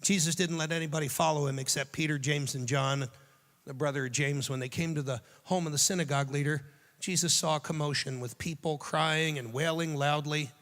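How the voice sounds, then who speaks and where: A man giving a youth sermon, telling the story dramatically and dropping to a hushed, tender voice for quoted lines. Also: a little high, fairly even intonation, fairly quick, big-room sound. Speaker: youth speaker.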